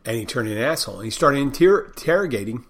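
A man's voice: mid-range voice, lively intonation, fast. Rambling older male bartender telling stories. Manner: rambling, frank, with restarts and profanity. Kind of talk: casual storytelling monologue.

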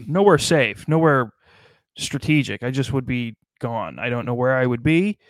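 A man's voice: mid-range voice, lively intonation, moderate pace, dry recording, clean studio sound. Profane, rambling man in casual chat. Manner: profane, rambling comic riffs.

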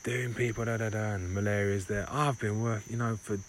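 A man's voice: on the low side, steady tone, brisk, voice pushed up, natural voice. A man voicing a gang of old disease viruses complaining, indignant and incredulous, in a comic sketch voice. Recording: home recording with clear background noise.

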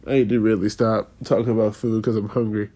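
A man in his thirties ranting in a casual, profane, rambling way, sarcastic and quick to laugh. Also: lowish voice, flat delivery, mellow. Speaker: podcast host. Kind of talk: casual rant.

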